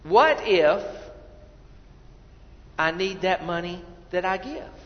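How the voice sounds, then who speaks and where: In a church sanctuary, an animated pastor whose voice sits high takes his sermon slowly, speaking earnestly and conversationally while repeating words and posing questions to the congregation. The recording sounds dull and carries long hall reverb.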